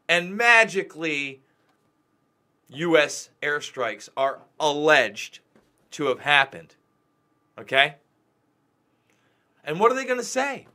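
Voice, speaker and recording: Agitated ranting male host, bright high voice. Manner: agitated, ranting, emphatic repetition. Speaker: news show host. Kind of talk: live commentary monologue.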